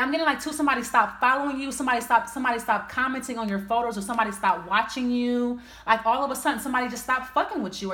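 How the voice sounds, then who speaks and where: This tarot reader has a voice on the high side with a slight brightness. She pulls cards one at a time, reasoning out loud in a casual, blunt, profane way, and the room gives off an echo.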